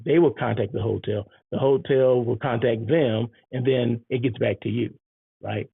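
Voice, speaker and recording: A man's voice: medium pitch, steady tone, normal speed, vocal fry, breathy edge, no room sound. A man talking in a casual vlog monologue, chatty and frequently checking in with the listener. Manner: chatty, keeps checking in with "right?" and "okay?". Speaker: hotel site selection planner and vlogger. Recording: tinny phone-like sound.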